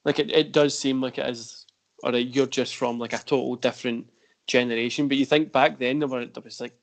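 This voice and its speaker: A man's voice: medium pitch, fairly even intonation, fairly quick. Laid-back Scottish man hosting. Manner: laid-back, rambling storyteller. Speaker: podcast host. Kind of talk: casual chat.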